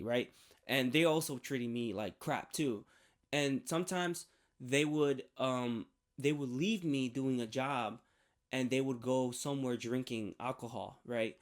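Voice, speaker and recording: A young man telling a personal faith story in a rambling, hesitant way, full of restarts and fillers. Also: medium pitch. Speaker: vlogger sharing a faith testimony.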